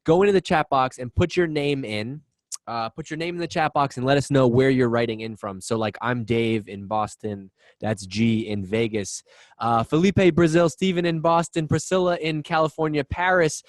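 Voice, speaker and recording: A man hosting a live webinar over a video call, talking fast and excitedly with lots of restarts. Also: mid-range voice, no room sound. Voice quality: excitable, rapid, restarts often. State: out of breath. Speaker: webinar host. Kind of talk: energetic live webinar chat. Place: office in Boston.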